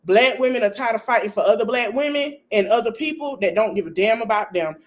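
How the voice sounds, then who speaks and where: A woman's voice: on the high side, lively intonation, fast. Emphatic scolding woman livestreamer. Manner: emphatic, repetitive, scolding advice with profanity. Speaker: livestream host. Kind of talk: casual livestream commentary.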